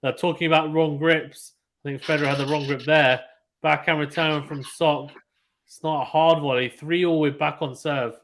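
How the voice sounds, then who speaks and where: Excitable man doing live play-by-play. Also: on the high side, normal speed. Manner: excitable, reads out viewer chat. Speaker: live match commentator on a stream. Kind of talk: casual live play-by-play commentary.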